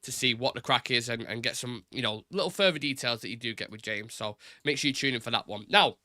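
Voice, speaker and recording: A man's voice: mid-range voice, fast talker, sharp tone, dry recording, studio quality. A young man hosting a casual live-stream football chat, talking loosely with repeated words and stop-start phrasing. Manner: chatty, repeats words, says "innit", reads chat aloud.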